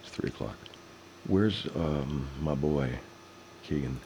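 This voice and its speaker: A man casually commenting while watching football highlights, grumbling and cursing at the plays. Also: slow, background noise. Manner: profane, grumbling, reacts loudly to plays.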